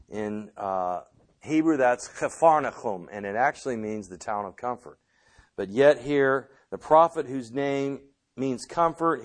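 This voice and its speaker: A man teaching a Bible study lesson in a classroom with a board, speaking in a measured way and often pausing with filler sounds. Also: mid-range voice.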